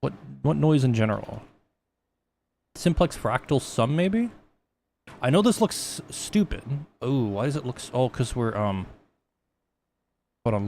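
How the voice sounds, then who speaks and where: A young man talks his way through a live 3D-texturing tutorial in a medium-pitched voice. His delivery is rambling and loose, full of swearing and jokes at his own expense. A faint background hiss sits under the voice. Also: lively intonation, measured pace, pauses often, a little mellow. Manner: rambling, profane, self-mocking. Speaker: streamer teaching 3D texturing. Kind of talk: casual live-stream tutorial.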